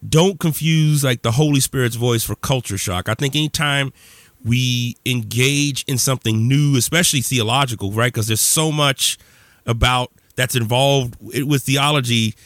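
A male podcast host with a mid-range voice, recorded close and dry with no room sound. He talks in an animated, chatty way and presses his guest to explain himself. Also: medium pitch, normal speed, no echo. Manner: animated, prodding, says "man" often. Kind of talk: casual podcast interview.

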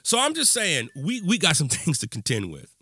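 A man's voice: fairly high pitch, huge pitch swings, moderate pace, bright, forceful tone, breathy edge, dry recording. A man hosting a podcast, delivering an impassioned, ranting monologue in a casual conversational way with fillers and restarts. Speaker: podcast host.

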